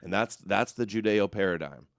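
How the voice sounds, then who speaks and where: A man's voice: fairly low pitch, animated, moderate pace, gravelly, dry recording, studio quality. A man hosting a talk show, speaking bluntly and emphatically in casual conversation. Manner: blunt and emphatic, stacks up labels. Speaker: podcast host.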